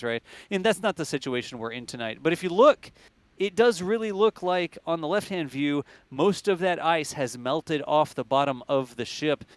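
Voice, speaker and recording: A man talks through a live rocket test in a loose, joking way and explains things plainly. His voice sits fairly high and sounds smooth and clear. The mic is close and dry. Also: dry recording. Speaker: livestream host. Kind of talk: casual live commentary.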